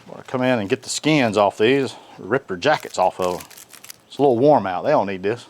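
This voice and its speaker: With slight noise in the background, a man from North Carolina runs an outdoor grill cooking demo, his voice on the low side and a little fast. He keeps it folksy and animated, joking his way through.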